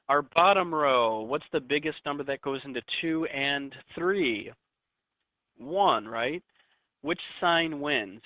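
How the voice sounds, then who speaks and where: A man's voice: medium pitch, no room sound. A chatty man teaching a math lesson, tossing in jokey asides to his students as he works. The sound is thin and phone-like, and the recording is dry and close with no room sound.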